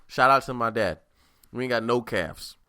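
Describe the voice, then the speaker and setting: A man's voice: mid-range voice, normal speed, pushed and bright, no room sound, clean studio sound. A man hosting a podcast, telling stories in a rambling, profane, casual monologue. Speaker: podcast host.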